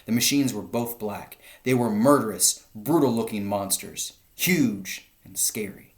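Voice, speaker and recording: A man, a teacher, reading a children's story aloud to his class, lifting his voice for the shouted lines. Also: lowish voice, lively intonation, measured pace.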